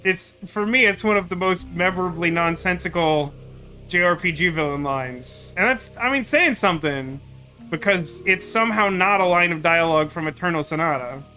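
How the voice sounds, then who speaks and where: A man's voice: high voice, moderate pace, pushed and bright. A man commenting on a video game in a wry, rambling way with lots of fillers. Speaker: gaming streamer. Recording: game music playing faintly behind.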